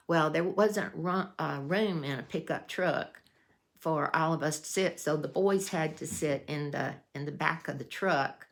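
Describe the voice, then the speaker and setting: Woman in her fifties, low voice, gravelly, unhurried, folksy rambling vlog storytelling. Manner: folksy, meandering with restarts and fillers. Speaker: vlogger. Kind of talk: casual storytelling.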